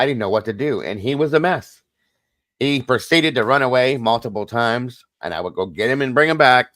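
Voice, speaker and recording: A man's voice: on the low side, a bit bright, no room sound. A middle-aged man hosting a casual livestream chat, telling a personal story earnestly and talking straight to his viewers. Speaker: host.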